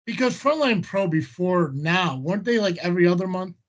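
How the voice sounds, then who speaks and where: A man's voice: high voice, lively intonation, fairly quick, muffled recording. A man co-hosting a podcast, teasing the others and swearing freely. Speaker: podcast co-host. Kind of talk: casual chat.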